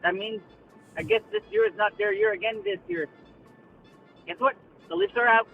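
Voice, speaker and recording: A man's voice: very high voice, huge pitch swings, moderate pace, vocal fry, soft background music. A man calling in to a radio show with a teasing fly impression, heard over a phone line. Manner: teasing, mocking. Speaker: caller.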